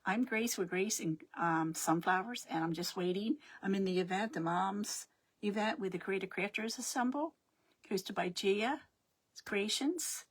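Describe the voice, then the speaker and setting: Hosting a crafting livestream, this middle-aged woman speaks in an unhurried, medium-pitched voice with a breathy edge. Her talk is relaxed live-stream chatter, and she welcomes each arriving viewer by name.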